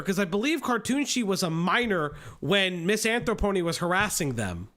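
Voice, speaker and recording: A man's voice: sits high, very animated, normal speed, few pauses, fairly bright tone. A man with an Italian American accent doing reaction commentary, profane and mocking. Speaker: commentary streamer.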